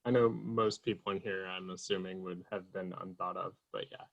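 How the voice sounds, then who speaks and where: A man in his thirties making dry, low-key remarks in a casual chat on a video call. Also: fairly even intonation, moderate pace, creaky, fairly bright tone. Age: 30s. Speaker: student club member.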